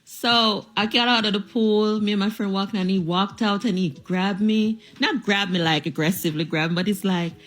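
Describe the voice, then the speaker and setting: A woman casually telling a personal story to camera, playful and animated, acting out what people said. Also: medium pitch, moderate pace, few pauses. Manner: animated, playful, acts out quoted voices.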